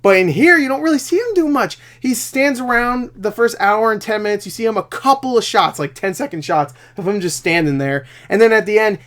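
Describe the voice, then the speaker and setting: Brief: male vlogger-critic, fairly high voice, rambling angry rant, frequent swearing. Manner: rambling, swears a lot, climbs high and loud when angry. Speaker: movie reviewer. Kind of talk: ranting solo video review.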